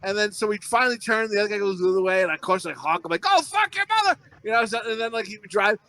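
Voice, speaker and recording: A man's voice: high voice, racing, bright, forceful tone. A middle-aged man and podcast co-host telling rambling, profane, self-mocking stories in casual chat. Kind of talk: casual storytelling.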